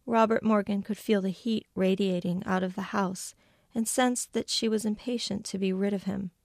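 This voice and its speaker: A woman author reading a passage from her novel aloud, measured, lightly voicing the characters' lines. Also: mid-range voice, vocal fry, a little mellow, dry recording, clean studio sound. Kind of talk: literary reading.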